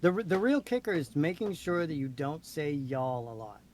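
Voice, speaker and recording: A man chatting casually as a guest, talkative and quick to laugh. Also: very animated, a little mellow. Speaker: guest voice actor. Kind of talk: casual chat. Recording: faint low rumble.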